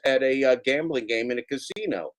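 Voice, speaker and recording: A man's voice: mid-range voice, brisk. A man hosting a casual reaction stream, commenting on clips with playful, jokey mock warnings to his viewers.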